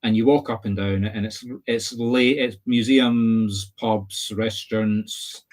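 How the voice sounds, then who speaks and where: A man's voice: fairly low pitch, fairly even intonation, slow pace, darkish tone. A Scottish man hosting a casual chat, explaining at length and teasing his guest. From Scotland. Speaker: host. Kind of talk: casual video-call chat.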